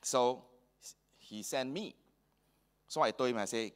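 A man's voice: medium pitch, takes it slowly. A man with a Singaporean English accent preaching a sermon in a church hall, slipping colloquial local phrases into his talk. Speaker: pastor.

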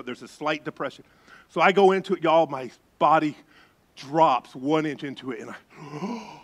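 A middle-aged man preaching as a pastor, telling a story with lively voices and gasps. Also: fairly high pitch, a little fast. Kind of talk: sermon storytelling.

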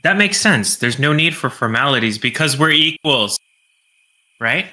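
A man joking around casually as a guest on a stream, rambling and halting with many restarts. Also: medium pitch, expressive, bright, forceful tone, low-quality recording.

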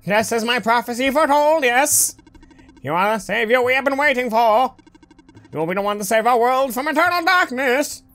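A woman's voice: a little high, lively intonation, moderate pace, fairly bright tone, soft background music, pitched above the performer's own voice. A woman putting on a grand, solemn robot voice. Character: eager, formal robot who greets a savior.

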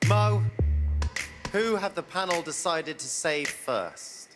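A man's voice: high-pitched, lively intonation, slow pace. A man hosting a TV game show, bubbly and laughing often. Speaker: host. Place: TV studio. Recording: loud music and studio crowd.

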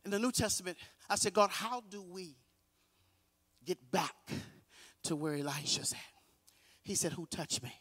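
A man preaching a guest sermon in a church, calling on the congregation to repeat after him and swinging between hushed lines and shouted, half-sung ones. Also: high-pitched, normal speed, long pauses, husky, in a large hall. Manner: call-and-response preaching, shouting and half-singing. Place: church sanctuary.

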